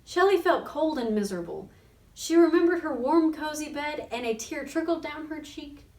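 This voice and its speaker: Animated woman reading a storybook. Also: high-pitched, moderate pace. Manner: expressive, animated. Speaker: reader of a children's book. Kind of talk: storybook read-aloud on radio. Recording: roomy sound from a distant mic.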